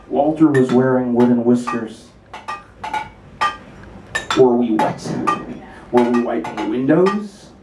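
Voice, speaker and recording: A man's voice: a little high, noisy background. A man giving a playful spoken-word performance, rattling off alliterative lines and telling a story on stage at a small café venue. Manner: quick playful alliterative recitation. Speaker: singer-songwriter performing live. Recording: roomy live recording from far off with guitar. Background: guitar playing.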